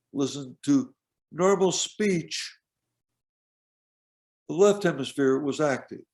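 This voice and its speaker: Giving a lecture by video call, a professor speaks in a mid-range voice that's gravelly, slightly creaky and a little mellow. His explanations are measured, broken by pauses as he indicates details on the slides.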